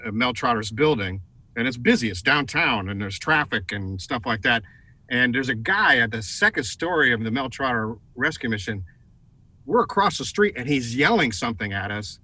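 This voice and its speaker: Middle-aged American man, bright and forceful voice, animated storyteller on a studio talk show. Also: medium pitch. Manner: animated, raises voice for quoted lines. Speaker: guest, advertising executive. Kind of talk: storytelling in a TV interview.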